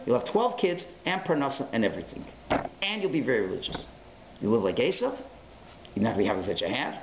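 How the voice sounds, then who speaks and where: Rabbi, male, fast animated lecturer, swinging pitch, roomy dull recording. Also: a little hiss or hum. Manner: storytelling, acts out dialogue with big pitch swings. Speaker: rabbi teaching a Torah class. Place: synagogue learning centre classroom.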